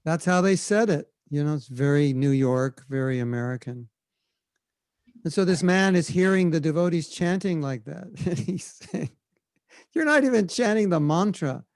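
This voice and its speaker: Guy on a zoom call telling a story, easygoing, kinda high voice, dry close sound. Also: moderate pace, clear, resonant tone, no echo. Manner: relaxed, conversational, demonstrates chanting. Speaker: spiritual teacher answering questions. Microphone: video call.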